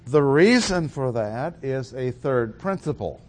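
A man delivers an expository sermon in a deliberate, measured way. He leans hard on the words he wants to stress and pauses with fillers between thoughts. His voice sits in an ordinary middle range. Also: mid-range voice, animated. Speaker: preacher.

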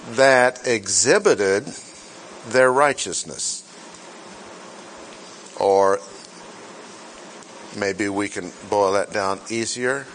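A man teaching scripture in a sermon, speaking deliberately, repeating key phrases and putting rhetorical questions to his listeners. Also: medium pitch, a bit bright, slight background noise. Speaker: pastor teaching a Bible class. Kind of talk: sermon-style Bible teaching.

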